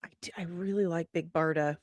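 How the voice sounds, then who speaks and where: A woman hosting a live show, reading viewer comments aloud and answering them in a chatty way with quick asides, often laughing at herself. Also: on the low side, steady tone, dry recording, studio quality. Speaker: host.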